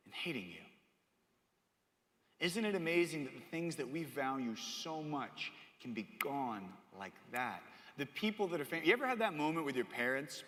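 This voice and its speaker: A young man, a youth pastor, giving a sermon to middle schoolers, telling stories with mock voices. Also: on the high side. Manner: animated storytelling with mock voices. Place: church hall. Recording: live hall reverb.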